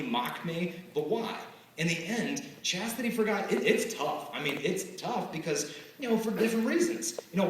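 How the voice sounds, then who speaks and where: Man, somewhat high voice, live motivational talk, storytelling with acted dialogue, very echoey hall, distant mic. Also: slight background noise. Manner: lively storytelling, acting out quoted exchanges. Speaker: chastity speaker at schools.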